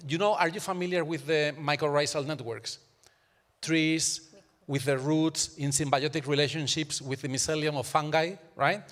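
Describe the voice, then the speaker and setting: A man's voice: a little high, big-room sound. A man speaking on a live symposium panel. He argues emphatically and keeps checking in with his listeners. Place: university auditorium.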